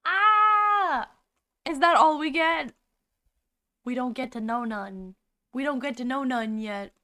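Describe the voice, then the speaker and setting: A young woman streaming casually, chatty and excitable, swearing freely, suffering from hiccups. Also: high-pitched, a little slow. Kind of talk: casual livestream reaction.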